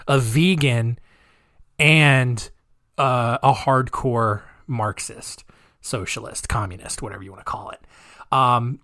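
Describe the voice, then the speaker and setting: A man hosting a comedic storytelling podcast, sarcastic and irreverent, laughing often as he tells the story. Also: medium pitch. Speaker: podcast host.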